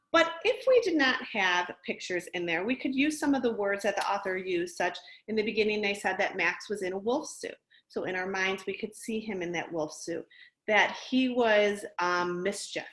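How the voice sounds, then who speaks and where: A middle-aged woman teacher gently explaining a reading lesson to young children in a recorded remote class. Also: mid-range voice. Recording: echoey room.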